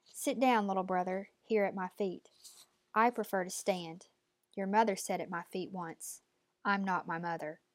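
A woman's voice: mid-range voice, fairly even intonation, normal speed, no room sound, close to an everyday voice. A woman reading an audiobook, voicing a stern, cold, commanding old woman who speaks in clipped, imperious lines.

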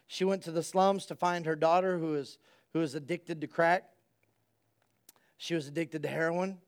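Male pastor preaching a sermon, high clear voice, hushed stretches rising to loud, excited passages. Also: normal speed.

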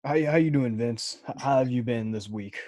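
A young man co-hosting a podcast in casual chat, laid-back and joking, trailing off softly. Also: mid-range voice, moderate pace, no room sound. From Chinese descent, speaks Mandarin. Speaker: podcast co-host.

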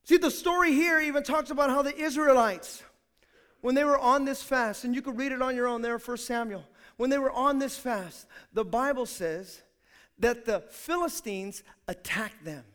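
High, bright-voiced man preaching. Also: normal speed, smooth. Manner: animated preaching that acts out quotes, swinging from hushed to shouting. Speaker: pastor. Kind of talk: sermon.

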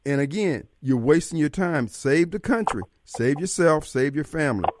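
A man's voice: on the high side, expressive, normal speed, a little mellow, a little hiss or hum. A man hosting a call-in radio talk show, arguing with a caller, cutting in and laughing often. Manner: combative, interrupting, laughs often.

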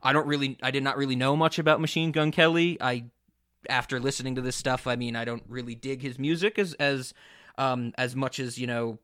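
A man co-hosting a casual podcast who retells a story in a rambling, animated way, with frequent cursing and many restarts. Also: medium pitch, brisk. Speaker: podcast co-host.

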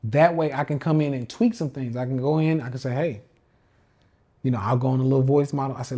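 Husky-voiced man ranting casually. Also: medium pitch, fairly even intonation, fast, warm tone. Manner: slangy, emphatic, repeats himself. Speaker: podcast host and trading coach. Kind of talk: casual livestream rant.

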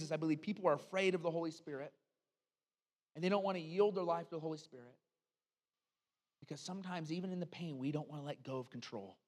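Male pastor, fairly high voice, lively conversational sermon, long hall reverb. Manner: animated, storytelling preacher with frequent asides.

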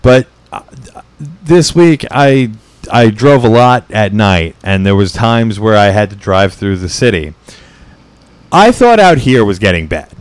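A man's voice: fairly low pitch, sing-song, measured pace, smooth, dry recording. A man from the US co-hosting a podcast, telling stories in a profane, rambling way. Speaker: podcast co-host. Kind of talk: casual chat.

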